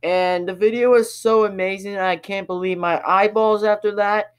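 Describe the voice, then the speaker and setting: A man giving excitable gameplay commentary, laughing often and shouting his reactions at the game. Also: high voice, normal speed, clean tone. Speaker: let's play gamer. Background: game music.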